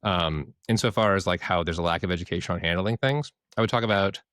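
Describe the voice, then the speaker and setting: A man's voice: low-pitched, fast, a bit bright, no room sound. A man co-hosting a podcast, rambling candidly and swearing freely as he tells stories and acts out the people in them. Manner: acts out quoted voices in his stories. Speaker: podcast co-host. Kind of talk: casual discussion.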